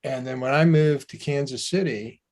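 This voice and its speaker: A man from near New York in a casual panel chat, telling a story in a measured, reflective way. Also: medium pitch, a little mellow. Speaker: illustrator panelist.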